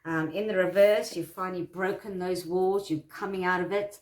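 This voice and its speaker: Woman with a lower voice, teaching tarot at home in a casual, reassuring way; the room is echoey. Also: steady tone, normal speed. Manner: warm, repetitive, reassuring, with frequent laughs. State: itchy eyes from allergies. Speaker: tarot teacher and psychic medium. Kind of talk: casual instructional talk.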